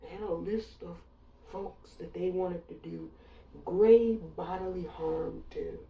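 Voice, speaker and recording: A woman's voice: lowish voice, slow pace, vocal fry, mellow, roomy sound, far from the mic, rough recording. A woman from Alabama giving an emphatic, sarcastic and defiant monologue, repeating her points for effect. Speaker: online commentator.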